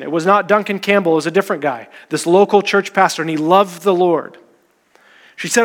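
A man's voice: sits high, moderate pace, a bit bright, long reverb tail. A man preaching a sermon, telling a story with earnest delivery and quoting the people in it.

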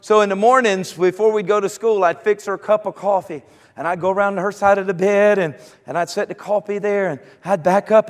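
A man's voice: sits high, steady tone, fairly quick, long reverb tail. A male preacher giving a sermon, telling homely stories and building to fervent declarations. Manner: folksy storytelling, rising to fervent declarations.

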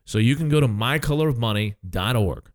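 A man's voice: mid-range voice, expressive, a little fast, no echo. A man in his sixties hosting a casual financial talk show as an advisor, speaking emphatically and tagging his points with "okay?".

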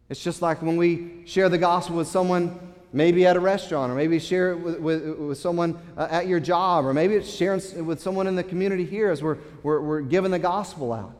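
Man, pastor, impassioned sermon, repeats words, high-ish voice, echoing church hall. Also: darkish tone. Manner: impassioned preaching with swells of emphasis and repeated words.

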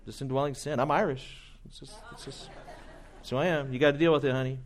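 A man's voice: mid-range voice, fairly even intonation, fast, close to an everyday voice. A man preacher voicing a flippant man who shrugs off his own faults, in a dismissive tone.

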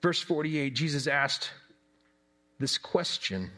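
A man delivers a devotional sermon in an easygoing, reflective tone, his voice sitting on the high side for a man. He speaks conversationally, slipping in casual fillers and turning often to rhetorical questions for his listeners. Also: expressive, a little slow, a bit bright. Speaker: preacher.

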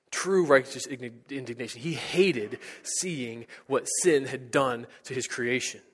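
A man preaching a sermon as pastor, earnest, building to emphatic peaks and dropping to hushed lines. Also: medium pitch. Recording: long hall reverb.

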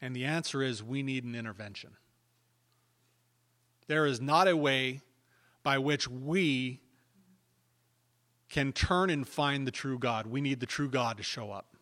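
A man preaching a sermon as pastor, dropping to hushed asides and then rising to emphatic, louder points. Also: medium pitch, a little slow, pauses often. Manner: emphatic preaching, swinging between hushed and loud.

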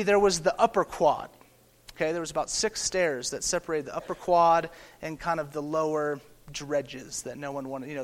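A man in his thirties, a pastor giving a sermon in a casual, animated way, often checking in with "okay?" and "right?". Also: fairly high pitch, in a large hall. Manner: conversational, animated, tag questions like "okay?" and "right?".

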